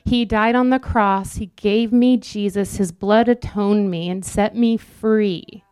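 A young woman preaches in an earnest, conversational style, breaking into quick asides. Her voice is smooth and resonant. The sound is dry, with no room echo. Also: mid-range voice, fairly even intonation, darkish tone. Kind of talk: sermon.

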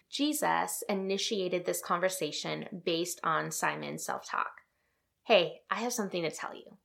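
A woman hosting a devotional podcast, teaching in a reflective, conversational way that sometimes drops to a hush. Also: on the low side, creaky. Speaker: podcast host.

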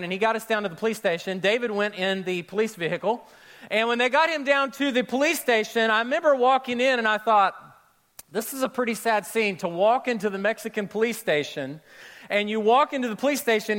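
A man preaching a sermon, opening with a lively personal story and speaking straight to his congregation. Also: high-pitched. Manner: storytelling, animated, addresses crowd directly. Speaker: pastor.

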